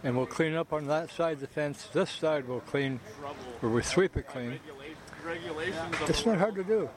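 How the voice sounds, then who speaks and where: A man's voice: on the high side, normal speed. Chatty man in a crowded street. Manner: conversational, stumbles over words. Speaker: community member interviewed. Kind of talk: casual street interview. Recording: outdoor recording with crowd noise.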